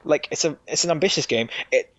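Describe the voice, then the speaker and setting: A man's voice: a little high, fast talker, a bit bright, no room sound. A man, a podcast guest, chatting casually and rambling through a game review. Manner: rambling, with frequent restarts and swearing. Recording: dull dry sound.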